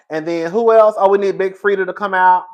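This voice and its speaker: A young man hosting a casual gossip talk show, animated and campy, laughing loudly and using lots of slang. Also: high-pitched, normal speed. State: out of breath. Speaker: host.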